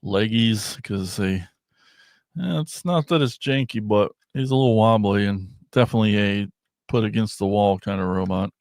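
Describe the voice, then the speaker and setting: A man hosting a podcast in casual chat, rambling and excitable, often trailing off and starting over. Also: lowish voice, moderate pace, no echo, studio quality. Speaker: podcast host.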